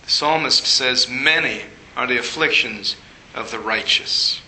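Bright-voiced man preaching in an echoey room. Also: measured pace. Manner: storytelling, rising high when acting out his past self. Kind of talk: sermon.

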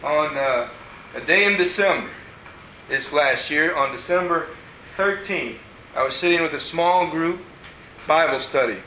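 A man preaching a sermon as pastor, telling stories in an animated way and acting out the people he quotes. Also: a little high, measured pace, long pauses, slight background noise. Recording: roomy echo.

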